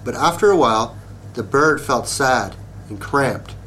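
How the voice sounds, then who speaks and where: A man reading a children's story aloud in a slow, expressive way. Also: mid-range voice, a little hiss or hum.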